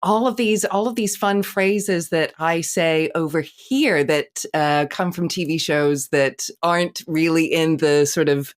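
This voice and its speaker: A woman's voice: low voice, measured pace, hardly any pauses. A woman from the United States co-hosting a podcast in casual, thoughtful chat. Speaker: podcast co-host.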